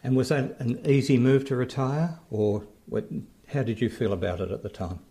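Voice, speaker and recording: A man's voice: medium pitch, moderate pace. Chatty Australian man hosting. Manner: chatty, relaxed, talks straight to listeners. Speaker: podcast host and interviewer. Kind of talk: casual introduction and interview.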